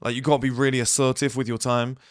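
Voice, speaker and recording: A man's voice: mid-range voice, level tone, no room sound, studio quality. A man who says he is ill, giving a blunt motivational talk to his viewers and acting out little quotes along the way. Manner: blunt, rapid asides and acted-out quotes. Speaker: host. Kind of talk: motivational monologue.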